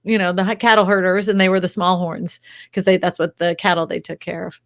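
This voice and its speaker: A woman, a real estate agent, chatting as a guest, telling lively stories and laughing often. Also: fairly low pitch, brisk, dry recording, studio quality. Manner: animated storyteller, laughs often, acts out quotes. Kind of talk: casual interview chat.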